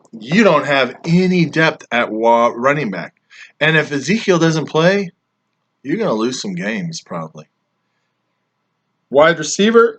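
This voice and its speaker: A man with a bright, forceful voice rambles through a review of his friends' teams, teasing as he goes. He often lets the ends of his sentences drop off quietly. His voice sounds slightly worn from talking. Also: mid-range voice. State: voice getting worn. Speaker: fantasy football league member reviewing drafts. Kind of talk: casual chat grading friends' teams.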